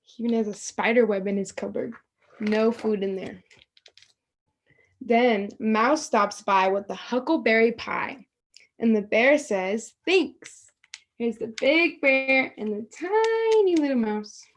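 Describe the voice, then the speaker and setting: A woman reading a picture book aloud to children over a video call, acting out the lines and adding asides about the pictures. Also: on the high side. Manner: slow, expressive read-aloud with pointing asides. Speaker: storytime reader.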